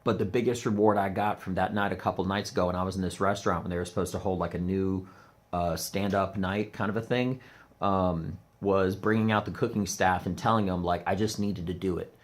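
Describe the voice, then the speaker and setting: Comedian guy ranting at the camera, kinda low voice, rambly with tons of ums and likes. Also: fairly even intonation, fairly quick. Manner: rambling, lots of fillers and restarts, emphatic.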